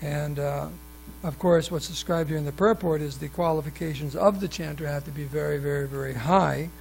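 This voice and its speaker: In a temple hall, a man leads a scripture class, reading passages aloud and adding asides and questions for the audience. His slightly high voice is fairly quick, fairly even in intonation, and has vocal fry; he often restarts sentences and uses fillers. The recording is rough with slight background noise.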